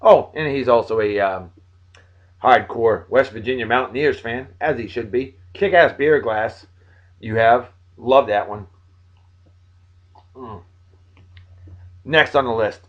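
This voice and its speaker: A man in his forties, worn out but friendly, runs through shout-outs to his friends in a casual, joking way. He jumps from loud outbursts to low mumbles. The audio is a bit dull and lo-fi. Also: slow, long pauses. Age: 40s. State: tired. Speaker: video blog host.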